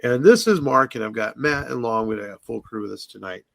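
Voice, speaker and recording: A man's voice: mid-range voice, sing-song, fairly quick, vocal fry, dry recording. A man with a Texas accent hosting a podcast in casual, rambling chat, full of fillers. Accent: Texan. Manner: laid-back, rambling with fillers. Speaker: podcast host.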